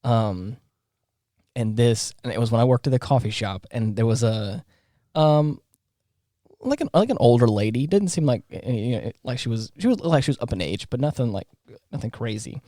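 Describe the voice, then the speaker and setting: A man's voice: medium pitch, animated, moderate pace, dark tone, dry recording, clean studio sound. A man co-hosting a podcast, telling a story in casual chat, rambling with lots of fillers and restarts. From Southern United States. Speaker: podcast co-host.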